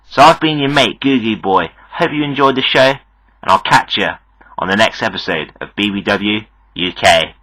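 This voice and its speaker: A man's voice: lowish voice, normal speed, pushed and bright, poor audio. Hyped young man cutting a promo. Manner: hyped, salesy, addresses fans directly. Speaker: podcast host and backyard wrestler. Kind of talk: wrestling promo monologue.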